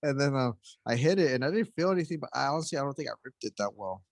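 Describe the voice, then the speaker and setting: A young man with a mid-pitched voice swaps stories with friends on a podcast. He is loose and profane, and he laughs his way through each tale. His voice sits close on the mic in a dry, dead room. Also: expressive, racing, dry recording. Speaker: podcast co-host. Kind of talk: casual storytelling among friends.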